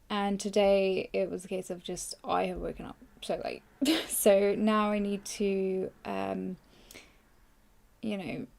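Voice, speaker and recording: Hoarse woman, gravelly and mellow. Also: medium pitch. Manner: rambling, chatty, many fillers. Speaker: podcast host. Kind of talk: casual live journaling session.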